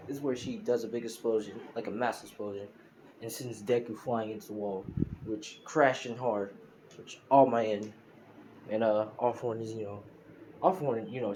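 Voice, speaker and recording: A man's voice: lowish voice, darkish tone, slight background noise. A man casually telling an improvised fan story in a loose, rambling way, recorded on a phone. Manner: rambling, loose, full of filler. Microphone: phone mic, screen recording.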